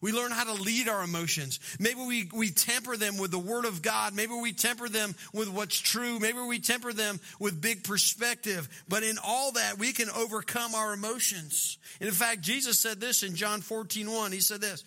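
A man's voice: high-pitched, normal speed, pushed and bright. A middle-aged man preaching a sermon, joking and acting out quoted voices. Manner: humorous, acts out quoted voices. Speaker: pastor.

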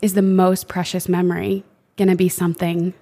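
A woman co-hosting a faith podcast in casual chat, expressive and chatty with a friend. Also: lowish voice, brisk. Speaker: podcast co-host.

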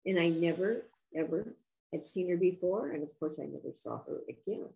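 An older woman, an author, telling a personal story in an interview in a reflective, earnest, unhurried way. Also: on the low side, expressive, vocal fry, dark tone, dull audio, a little hiss or hum.

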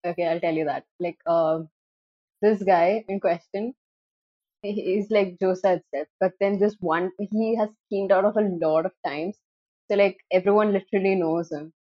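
A young woman co-hosting a casual podcast, telling an animated story and laughing while quoting herself. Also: medium pitch, normal speed, no echo, lo-fi sound. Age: young adult. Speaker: podcast co-host.

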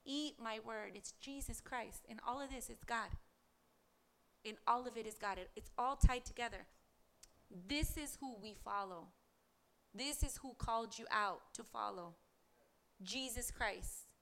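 Bright-voiced woman preaching earnestly. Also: on the high side, a little slow, vocal fry. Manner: earnest, rhetorical questions, reads scripture aloud. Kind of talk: devotional podcast sermon.

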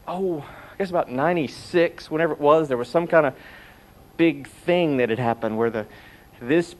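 Middle-aged guy preaching, lively storyteller, bit high voice. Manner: animated storytelling, acts out quotes. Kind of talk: sermon.

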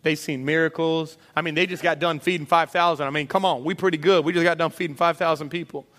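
A man preaching a sermon with a slightly high voice, full of energy and quick turns into voices for the people in the story. His words ring out with a long reverb around him, the sound of a big church hall. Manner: animated, acts out voices of disciples and Jesus. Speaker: pastor.

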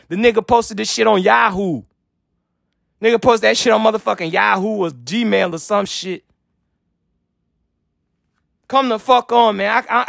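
A man's voice: high-pitched, vocal fry, a bit bright, dry recording, clean studio sound. A man from Haiti delivering a heated, profane political rant to his viewers. He is blunt and repeats himself as he talks. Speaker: vlogger.

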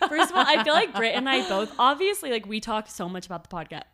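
A woman's voice: fairly high pitch, big pitch swings, fast, pushed and bright. A woman co-hosting a podcast, chatting casually in a heartfelt, emotional way and laughing often. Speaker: podcast co-host.

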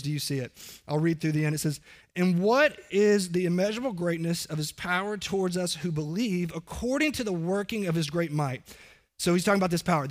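High-voiced earnest man preaching. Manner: earnest, conversational, asks the congregation questions. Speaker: pastor. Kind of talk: sermon.

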